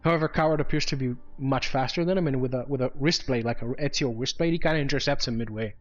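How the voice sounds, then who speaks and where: A man narrating as game master in a halting way, full of fillers and restarts, in a dull lo-fi recording. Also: mid-range voice, faint music behind.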